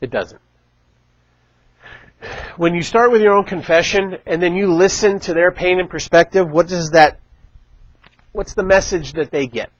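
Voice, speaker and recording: A middle-aged man giving a casual church talk, chatty and animated, acting out quotes as he tells stories. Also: high voice, measured pace, long pauses, dry recording, dull audio. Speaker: church teacher. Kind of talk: casual sermon.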